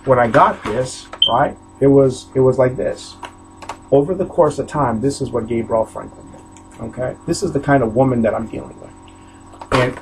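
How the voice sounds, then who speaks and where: A halting, repetitive preacher man in his forties. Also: mid-range voice, a little hiss or hum, poor audio. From New York State. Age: 40s. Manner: repetitive, halting, stammering restarts, preaching cadence. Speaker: self-styled preacher. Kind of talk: impassioned warning sermon to camera.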